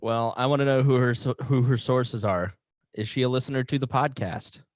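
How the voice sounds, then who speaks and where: A man's voice: mid-range voice, fairly quick, no echo. A man hosting a podcast, chatting casually and joking with his co-host. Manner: joking, relaxed banter.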